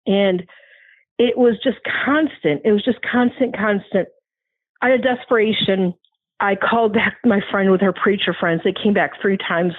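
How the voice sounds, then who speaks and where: Heard through a thin, tinny phone connection, this woman's husky, medium-pitched voice comes across dry. As a guest, she earnestly recounts a frightening thing that happened to her, frequently starting over and acting out what others told her. It's emotional personal testimony.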